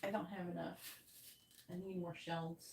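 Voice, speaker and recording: A woman's voice: fairly low pitch, flat delivery, moderate pace, creaky, darkish tone, a little hiss or hum. A woman from New York hosting a livestream as a tarot reader, chatting casually and rambling, often laughing. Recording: roomy sound, distant from the mic.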